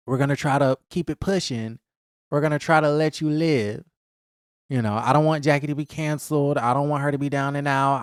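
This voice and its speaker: Man, host, sassy rhetorical commentary, smooth clear tone, fairly high pitch. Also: no room sound, clean studio sound. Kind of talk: casual pop-culture commentary.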